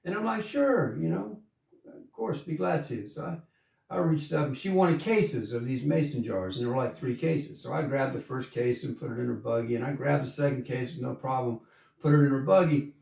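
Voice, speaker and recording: A man's voice: mid-range voice, a little fast, vocal fry, darkish tone. A man from coastal Georgia, telling an easygoing, folksy story. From coastal Georgia, USA. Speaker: singer and storyteller. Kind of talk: spoken story then country song. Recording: roomy sound from a distance, with guitar. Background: guitar music.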